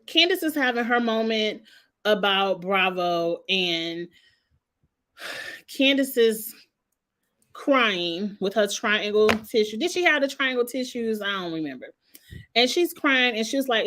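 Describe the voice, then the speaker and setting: A woman's voice: fairly high pitch, animated, a little slow, fairly bright tone. A woman. She recaps reality TV in loose, chatty commentary. She often turns to address the cast members directly with sassy, gossipy asides. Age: 40s. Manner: gossipy, sassy, talks straight to the people she discusses.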